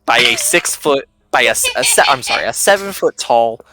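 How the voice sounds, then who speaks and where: Animated man running a tabletop game. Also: mid-range voice, normal speed, over music. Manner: animated, laughs often. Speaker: game master.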